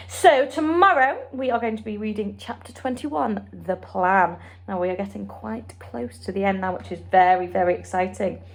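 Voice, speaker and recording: A teacher reading a children's storybook aloud in an expressive storytime manner. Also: female voice, mid-range voice, creaky. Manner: expressive, warm storytime delivery. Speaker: primary school teacher.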